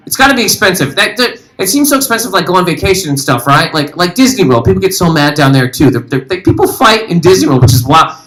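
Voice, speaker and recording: High-voiced rambling stand-up comedian. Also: male voice, fast, few pauses, a little hiss or hum, rough recording. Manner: animated, rambling, talks to the audience. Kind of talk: stand-up comedy with crowd work. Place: live comedy venue.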